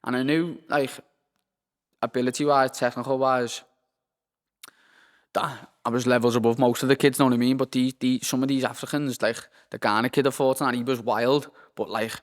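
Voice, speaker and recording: A young man from Liverpool, a professional boxer, rambles and swears through a casual interview, repeatedly saying "lad." He speaks at normal speed with a medium pitch and fairly even intonation, in a recording with long hall reverb.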